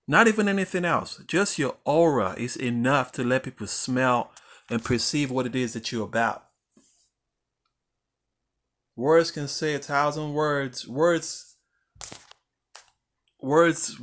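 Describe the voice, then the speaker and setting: A man's voice: medium pitch, sharp tone. A man with a mid-range voice talks through a motivational vlog monologue. He rambles, circles back and repeats words to drive a point home, and swears casually along the way. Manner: rambling, repeats himself for emphasis. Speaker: vlogger.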